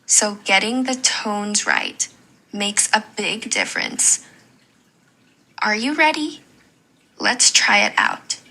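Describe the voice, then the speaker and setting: A woman teaching a Mandarin lesson in a slow, clear and encouraging way. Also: mid-range voice, animated, pushed and bright, rough recording. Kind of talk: scripted lesson narration.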